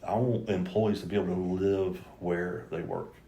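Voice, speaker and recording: Middle-aged man, earnest rambling talk, gravelly voice, echoey room. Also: low-pitched, steady tone, normal speed, warm tone. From North Carolina. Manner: earnest, rambling, with frequent restarts. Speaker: mayoral candidate guest. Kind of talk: casual conversational interview.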